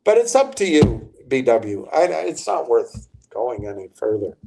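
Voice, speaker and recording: An older man hosting a livestream, rambling through stock-market commentary with halting restarts while he talks to his chat viewers. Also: mid-range voice, very animated, gravelly, warm tone, faint music behind.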